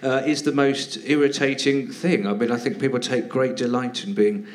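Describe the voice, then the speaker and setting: Man, comedian guest, live podcast chat, rambling, hesitant fillers, wry sardonic delivery, mid-pitched voice. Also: fairly even intonation, normal speed.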